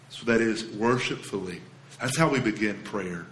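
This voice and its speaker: A man preaching a sermon as a pastor, earnest and emphatic, going soft and low when he quotes scripture. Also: normal speed, a little hiss or hum. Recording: roomy echo.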